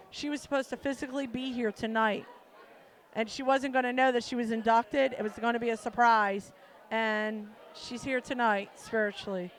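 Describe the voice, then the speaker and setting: A woman's voice: high-pitched, fairly bright tone. A woman inducting a friend into a hall of fame, giving a blunt, outspoken, emotional tribute.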